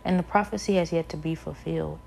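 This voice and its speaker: A woman delivers an impassioned sermon in a low, warm, mellow voice. She sounds worn out and weary. She hammers her points through repetition and builds to emphatic, forceful peaks. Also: steady tone, fast talker, creaky, slight background noise.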